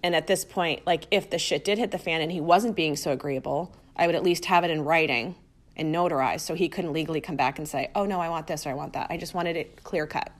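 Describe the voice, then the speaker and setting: A woman's voice: sits low, fairly even intonation, fairly quick. A woman hosting her own podcast, telling a personal story in a casual, chatty way full of fillers. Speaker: podcast host.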